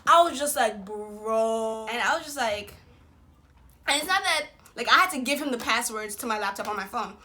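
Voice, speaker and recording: A young woman vlogger telling a personal story in a casual, slangy, animated way, acting out what people said. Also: a little high, normal speed. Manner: slangy, animated retelling with quoted voices.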